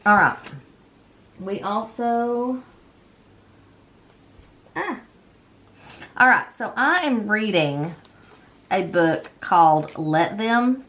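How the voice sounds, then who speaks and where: Decorating her planner, a thirty-something vlogger with a medium-pitched, slightly bright voice chats casually. She's a little tired and yawns, filling her rambling talk with ums and corrections of herself.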